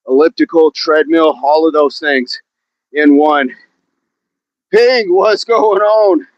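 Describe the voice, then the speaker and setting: On a hill outdoors, a man streams his workout live, talking while he exercises, counting reps down, and welcoming chat viewers by name. His voice is slightly high, there's no room sound, and the high frequencies are cut off.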